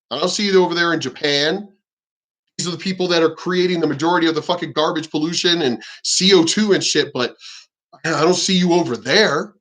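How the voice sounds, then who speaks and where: A man's voice: a little high, fairly bright tone. A man ranting on his vlog, heated and profane. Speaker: vlogger. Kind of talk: casual rant.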